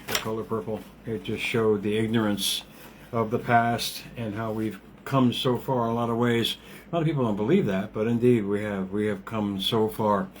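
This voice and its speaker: Middle-aged male motivational host, loose and rambling, with frequent laughs and casual cussing; mid-pitched voice over faint background noise. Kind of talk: casual motivational livestream talk.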